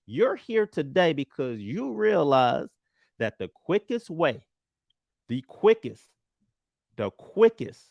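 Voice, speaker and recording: A male trading coach talks to his viewers in an animated, emphatic and blunt way, his pitch leaping high and low. His voice sits a little high for a man and has a gravelly fry. The recording sounds dry and close. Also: no echo. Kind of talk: energetic online trading lesson.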